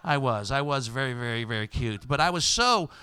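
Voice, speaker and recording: A man hosting a podcast, telling a comic story in a loud, animated way that breaks into shouts. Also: medium pitch, brisk, slight background noise. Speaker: podcast host.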